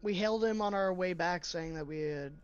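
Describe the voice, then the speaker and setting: A man's voice: high-pitched, a little fast, dull audio, a crowd in the background. A man as a player in a tabletop game, laid-back.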